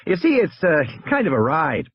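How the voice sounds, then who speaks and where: A man's voice: fairly high pitch, huge pitch swings, moderate pace, slightly rough, dry recording, lo-fi sound, voice pushed up, full character voice. A man reading an audiobook, voicing a breezy male publicist who waves off worries with glib reassurance. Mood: dismissive.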